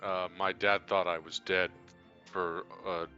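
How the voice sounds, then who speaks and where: A man's voice: deep voice, little pitch movement, unhurried, pushed and bright, highs cut off, faint music behind. A man playing in a tabletop game, talking casually and rambling with lots of "like" and restarts. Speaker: player. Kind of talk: casual tabletop role-play.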